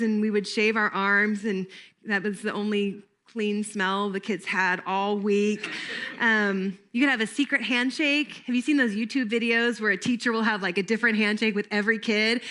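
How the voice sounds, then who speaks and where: A woman's voice: fairly high pitch, steady tone, normal speed, pushed and bright. A middle-aged woman giving a playful camp training talk to volunteers, laughing often and breaking into made-up jingles.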